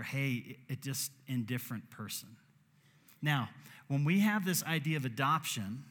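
A man's voice: medium pitch, a bit bright. Earnest male pastor in a reverberant hall. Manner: earnest, acts out short prayers in quotes. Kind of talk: sermon.

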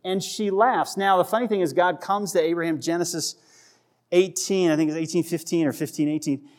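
Conversational male preacher, fairly high voice. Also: steady tone, brisk. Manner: conversational, checks in with the audience, acts out voices for humor. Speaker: pastor. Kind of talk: sermon.

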